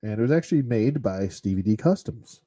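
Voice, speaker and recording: Expressive and fairly quick, this man's warm, fairly low voice carries a casual, unscripted action figure review. As a toy collector, he rambles, speaks bluntly, and swears mildly now and then.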